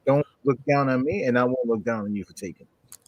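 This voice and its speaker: A man's voice: mid-range voice, brisk, no echo, dull audio. A man, co-hosting casual chat in a laid-back, wisecracking way. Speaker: co-host.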